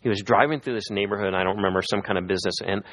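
A man's voice: on the low side, racing. A middle-aged man preaching a sermon as a pastor, telling stories and acting out the people he quotes. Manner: lively storytelling, acting out quoted voices.

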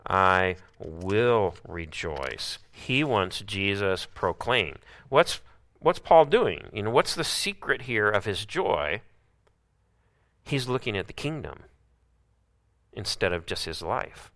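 Guy preaching a sermon, bright forceful voice, lots of rhetorical questions. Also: fairly low pitch, big pitch swings, takes it slowly.

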